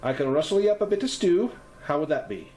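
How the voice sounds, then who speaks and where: Guy putting on a high lilty scottish-ish landlady, chatty and homely. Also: sing-song, fast talker, warm tone, roomy sound, a little hiss or hum. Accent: Scottish-sounding put-on lilt. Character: kindly village landlady, warm but guarded.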